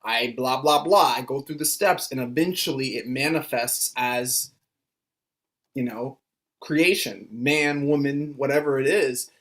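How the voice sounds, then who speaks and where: Halting, hesitant male podcast co-host. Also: mid-range voice, a bit bright. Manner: halting, hesitant, many "um" and restarts. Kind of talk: casual podcast chat.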